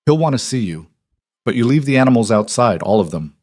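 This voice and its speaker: A man's voice: mid-range voice, expressive, a little fast, darkish tone, natural voice. A man doing a curt, scarred wolf guard. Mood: gruff. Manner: curt and blunt.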